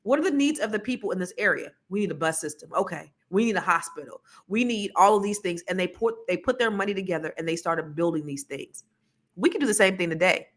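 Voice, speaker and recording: A woman talking casually on a podcast, chatty and energetic, breaking into laughs and quick side notes. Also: on the low side. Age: adult with children. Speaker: podcast co-host.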